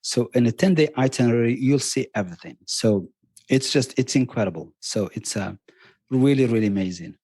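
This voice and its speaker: A man's voice: medium pitch, animated, fairly quick, dark tone, husky, no echo. A middle-aged man from Morocco with a Moroccan accent, chatting on a podcast as a travel guest, eager and rambling with many restarts. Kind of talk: casual podcast chat. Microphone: podcast microphone.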